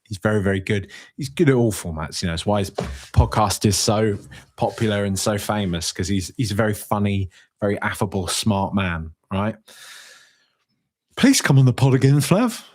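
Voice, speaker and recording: A man of about forty talks into a studio microphone as a lone podcast host, working through viewer comments. His voice sits a little low, and he rambles and restarts as his emotions lead him. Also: moderate pace. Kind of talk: solo live-stream chat reading and venting.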